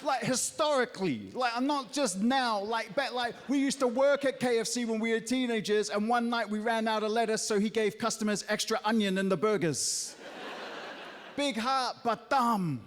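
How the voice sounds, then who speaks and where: A man's voice: very high-pitched, moderate pace, a bit bright, in a large hall, slight background noise. A New Zealand man in his thirties doing a stand-up set on a theatre stage, punchy, with mocking asides. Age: 30s. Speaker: stand-up comedian.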